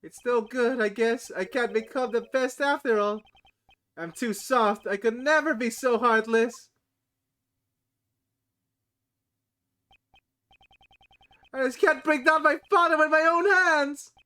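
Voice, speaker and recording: A man voicing an excitable, insecure young male prosecutor from a game, loud, boastful and whiny. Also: very high voice, normal speed, clear, resonant tone. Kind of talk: reading game dialogue aloud.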